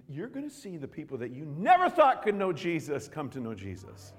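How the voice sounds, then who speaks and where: Fervent high-voiced preacher in a reverberant hall. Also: male voice, wildly swooping pitch, normal speed, hardly any pauses. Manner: fervent, swings from quiet to shouting. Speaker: pastor. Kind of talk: sermon.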